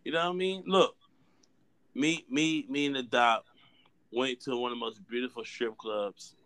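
A man's voice: mid-range voice, fairly even intonation, normal speed, fairly bright tone, clear, resonant tone. A man co-hosting a casual podcast chat, telling loose, crude, joking stories. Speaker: podcast co-host.

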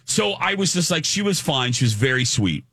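Male podcast co-host, chatty storyteller, lively pitch, dry booth sound. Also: moderate pace, husky, dry recording. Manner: animated, acts out quoted voices. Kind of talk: casual storytelling chat.

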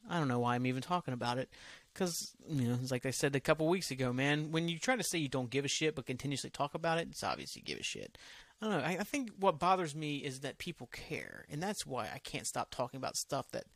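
A man hosts a solo podcast, rambling from topic to topic in loose, profane talk that often trails off. His voice is medium-pitched with a fairly bright tone and no room sound.

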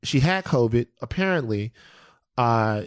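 A man co-hosting a podcast, riffing with profane, animated comic storytelling in casual banter. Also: mid-range voice, measured pace, smooth, no room sound, studio quality. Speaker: podcast co-host.

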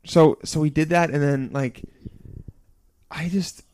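A young man co-hosting a casual podcast, loud and joking, laughing often. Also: fairly high pitch, steady tone, unhurried, clean tone. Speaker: podcast co-host and comedian.

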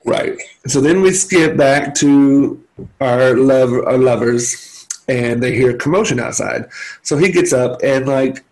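On poor-quality audio, a male podcast co-host with a mid-range, darkish voice retells a movie plot at a measured pace. He's a chatty storyteller, tossing in wry asides and laughing as the casual conversation goes.

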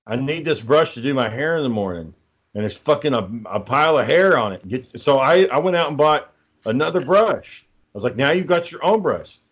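A man's voice: medium pitch, lively intonation, a little fast, a bit bright. A man telling dry, profane anecdotes in casual podcast chat. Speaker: co-host.

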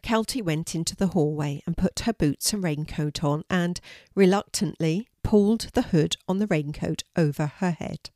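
An older woman, a grandmother, reading a children's story aloud in a warm, gentle way. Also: fairly low pitch, moderate pace, no room sound, clean studio sound.

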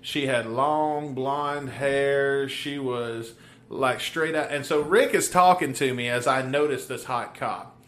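A man's voice: mid-range voice, slow, a bit bright. A man co-hosting a podcast, telling stories in casual chat, swearing and laughing often while chewing gum. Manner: profane, laughing storyteller. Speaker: podcast co-host.

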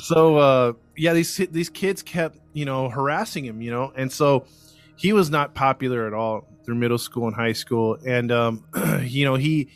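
A man's voice: medium pitch, clean tone. An American man hosting a podcast, telling a true-crime story in a loose, conversational way with lots of fillers and easy laughter. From United States. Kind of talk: casual storytelling chat.

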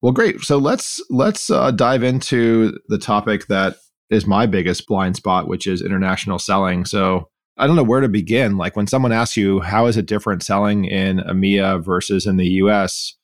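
A man's voice: lowish voice, moderate pace. A man hosting a podcast who asks thoughtful questions with some hedging. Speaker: podcast host. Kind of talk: casual interview chat.

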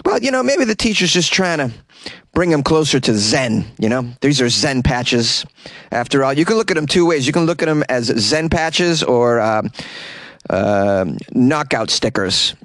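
A man's voice: mid-range voice, animated, normal speed, fairly bright tone, no echo. A man hosting a comedy news podcast, reading stories and breaking in with sarcastic, mock-outraged jokes and frequent laughs. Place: small closet.

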